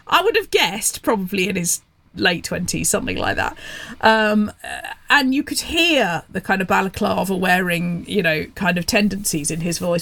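A woman's voice: medium pitch, lively intonation, normal speed, vocal fry, sharp tone, no echo. A woman from England presenting a radio show, talking in a rambling, chatty way with sarcastic asides. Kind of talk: casual radio monologue.

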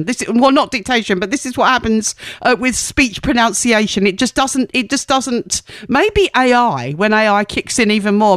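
A woman's voice: fairly high pitch, a bit bright, no room sound, studio quality. A woman presenting on the radio in a chatty, rambling way, correcting herself and laughing at her own slips.

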